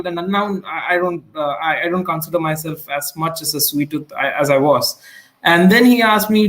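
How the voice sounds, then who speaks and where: High-voiced man telling an exam story. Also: a bit bright. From India. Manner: halting, many fillers and restarts. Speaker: guest sharing exam experience. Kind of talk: casual storytelling interview.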